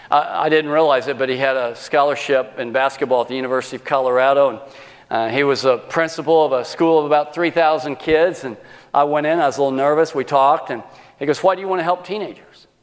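A man's voice: fairly high pitch, big-room sound. A male pastor preaching a sermon, telling a personal story and acting out the quoted dialogue.

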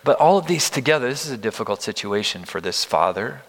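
Fifties pastor guy preaching, earnest, goes loud then almost whispers, big echoey church. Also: medium pitch, lively intonation, quick pace. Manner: earnest, emphatic, swings between loud and hushed. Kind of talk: sermon. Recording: long reverb of a large hall.

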